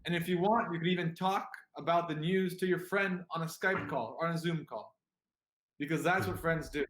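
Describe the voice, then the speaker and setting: A man's voice: a little high, normal speed, a bit bright, a little hiss or hum. A man hosting a livestream show in a jokey, hesitant way, with many restarts. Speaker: show host. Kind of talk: casual livestream chat. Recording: echoey room.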